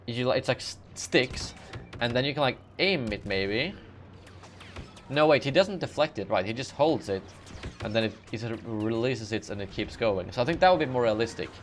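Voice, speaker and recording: A man's voice: mid-range voice, a little hiss or hum. A young man hosting a live gaming Q&A, reading out chat questions and answering in a sleepy, rambling way with many fillers and self-corrections. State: sleepy, yawning. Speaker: gaming channel host.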